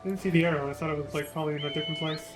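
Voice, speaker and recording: A man's voice: on the high side, steady tone, very fast, over music. A man streaming a game, muttering casual reactions and swearing under his breath. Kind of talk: live gameplay commentary.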